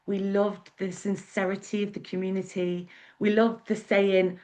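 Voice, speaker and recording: A woman's voice: medium pitch, level tone, unhurried, a little mellow. A woman with an English accent, telling her life story as a guest speaker in a chatty, meandering way with many fillers. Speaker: guest speaker, wedding celebrant. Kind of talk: casual storytelling talk.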